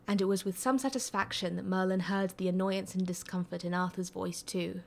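A woman reading a story aloud in a steady, expressive narrating voice. Her pitch sits in the middle range for a woman. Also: brisk, vocal fry, few pauses. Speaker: story reader. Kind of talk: reading fan fiction aloud.

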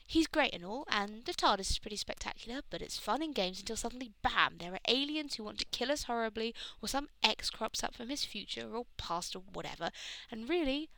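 A woman voices a brash, blunt woman in a storybook reading, emphatic and sarcastic, pitched a little higher and punchier than plain narration. The sound is dry and close. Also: animated, brisk, creaky, bright, forceful tone, no echo, full character voice, rough recording.

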